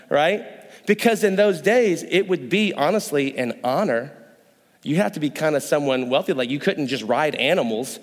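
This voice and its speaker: A young male pastor preaches with a slightly high voice, keeping the sermon light with jokes and quick acted-out voices. His talk rings with a long hall reverb from the church room. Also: expressive. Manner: joking, playful, acts out voices.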